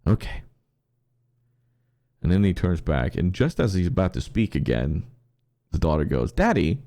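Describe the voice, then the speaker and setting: Deep, gravelly, animated male storyteller. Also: normal speed. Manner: animated storyteller, restarts often. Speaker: podcast co-host. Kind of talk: casual podcast storytelling.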